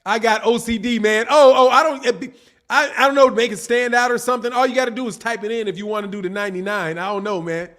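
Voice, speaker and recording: A man with a fairly high voice hosts a casual boxing live stream. He reads viewers' chat messages aloud, reacting in a loose, slangy and animated way. He laughs often and talks straight to his audience. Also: fast. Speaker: boxing channel host reading live chat.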